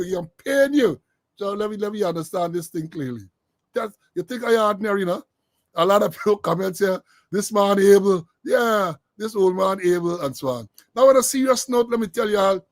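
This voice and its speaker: A man's voice: sits high, dry recording. An older man with a Caribbean English accent hosting an online talk show, joking and laughing as he tells a long story. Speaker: host. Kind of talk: casual commentary.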